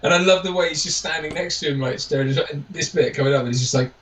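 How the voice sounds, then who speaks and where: A man's voice: on the high side, fast, distant mic. A man co-hosting a watch party, rambling and laughing as he retells scenes. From Britain. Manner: rambling, animated, laughs while telling. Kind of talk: casual chat. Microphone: lapel mic.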